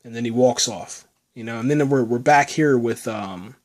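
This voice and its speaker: A man hosting a podcast, recapping a TV episode in a loose, excitable way, tossing in "man" and "you know" all the time. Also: mid-range voice, normal speed. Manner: rambling, says "man" and "you know" constantly; excitable, enthusiastic about the show. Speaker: podcast host reviewing a TV episode. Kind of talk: casual spoken recap.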